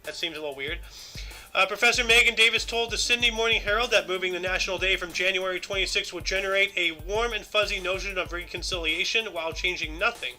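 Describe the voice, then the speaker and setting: A man's voice: high-pitched, quick pace, sharp tone, faint music behind. A man co-hosting a casual news-commentary podcast, rambling with lots of "you know" and "like" fillers. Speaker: podcast co-host.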